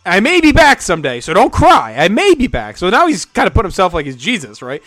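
A man riffs through a comedic podcast rant, his slightly higher voice leaping around with lively swings. He swears freely and plays up mock outrage. The sound is close and dry, with no room around it. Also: fairly quick, no echo. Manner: ranting, swearing, jokey. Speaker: podcast co-host. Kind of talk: casual comedic chat.

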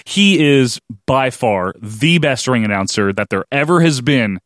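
A man's voice: medium pitch, expressive, unhurried, fairly bright tone, no echo, studio quality. A man co-hosting a podcast in casual chat, enthusiastic and laughing often. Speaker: podcast co-host.

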